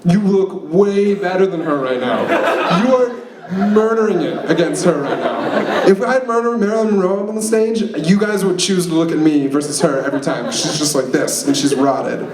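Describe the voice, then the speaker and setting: A man's voice: sits high, animated, normal speed, hardly any pauses, a loud crowd. Rambling young man doing stand-up. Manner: rambling, filler-heavy, self-deprecating. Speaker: stand-up comic. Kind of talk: stand-up comedy set. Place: open mic comedy venue. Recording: echoey room, noisy live venue.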